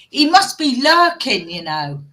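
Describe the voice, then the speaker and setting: A woman hosting a late-night livestream with her friends, bright and clear in tone, laughing and teasing as she goes. She speaks slowly, letting each remark land. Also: high voice. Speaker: livestream host. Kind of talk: casual group chat on a livestream.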